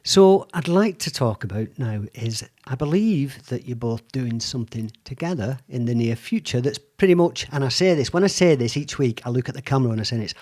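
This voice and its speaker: A man's voice: medium pitch, expressive, fairly quick, hardly any pauses, darkish tone. A man hosting a podcast interview, talking in rambling, restarting sentences in casual chat. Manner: rambling, restarts mid-phrase, laughs at himself. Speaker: podcast host.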